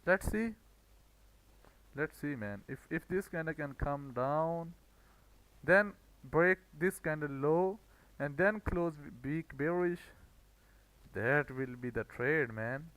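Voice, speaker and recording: A man's voice: on the high side, takes it slowly, pauses often, a bit bright, low-quality recording. A man streaming live trading commentary, thinking aloud and breaking into swearing rants when he gets worked up.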